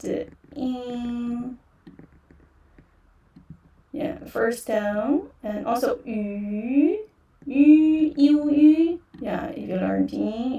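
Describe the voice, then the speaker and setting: A woman's voice: mid-range voice, gravelly, distant mic, narrow, tinny audio. A woman teaching beginner on a livestream, patiently repeating words and tones with many fillers; is her language. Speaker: Mandarin teacher.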